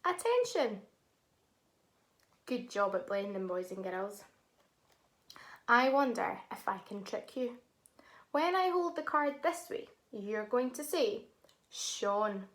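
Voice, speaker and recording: A woman leads a children's phonics lesson at a slow, deliberate pace, stretching each word into its syllables. Her voice is bright and a little high, and she praises the class often. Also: expressive. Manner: sounds words out syllable by syllable, encouraging praise. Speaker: phonics teacher.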